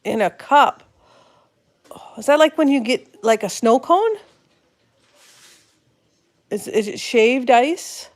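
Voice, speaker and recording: On her laid-back livestream, a woman slowly reads through viewer comments, bouncing words back in a playful, quizzical way. Her voice sits on the high side with lively intonation, and she leaves long pauses.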